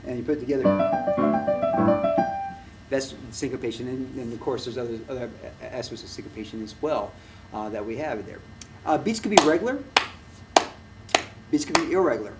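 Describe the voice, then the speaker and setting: A man with a mid-range voice gives a music lesson in a casual recorded lecture, animated and fairly quick with frequent pauses. He rambles loosely, using many fillers and restarts while clapping and playing to demonstrate, in a noisy room with the mic far away.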